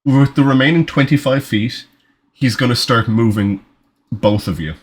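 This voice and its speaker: A man's voice: medium pitch, normal speed, slightly rough. A man running a tabletop game as game master, narrating casually, swearing and breaking off mid-sentence, on an online voice call. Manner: casual, swearing, self-interrupting.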